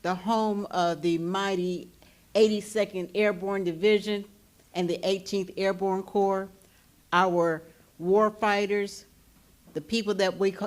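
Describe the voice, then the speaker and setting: A middle-aged woman gives an enthusiastic, folksy public welcome speech in a forum hall, often repeating her words. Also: medium pitch. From North Carolina. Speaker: commissioner giving a welcome.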